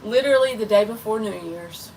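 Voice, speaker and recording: A woman's voice: mid-range voice, brisk, darkish tone, far from the mic, slight background noise, low-quality recording. Chatty woman tarot reader on a live stream. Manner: chatty, rambling, talks straight to viewers. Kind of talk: casual livestream chat.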